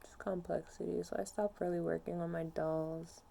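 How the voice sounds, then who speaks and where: A non-binary young adult speaks at an ordinary middle pitch, quiet and dejected. The talk is casual and halting, full of "like"s and trailing thoughts, as they vent their low mood to the camera. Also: level tone, creaky, slight background noise. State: low and depressed. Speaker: vlogger. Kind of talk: casual personal venting to camera.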